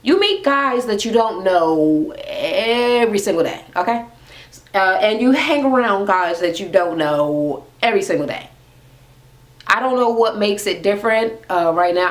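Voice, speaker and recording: A young woman ranting casually and sassily as she recaps a reality TV episode, with plenty of swearing. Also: on the low side. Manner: sassy, profane, animated. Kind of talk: casual rant.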